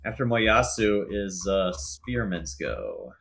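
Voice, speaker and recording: A man's voice: low-pitched, sing-song, takes it slowly, creaky, a bit bright. A man running a tabletop game as game master, narrating loosely with lots of fillers and laughs.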